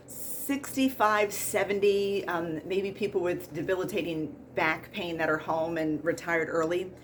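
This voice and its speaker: A woman's voice: fairly low pitch, moderate pace, few pauses, a little hiss or hum. Exasperated laughing woman venting about work. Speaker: pre-surgery nurse and podcast host. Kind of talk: casual comedic monologue.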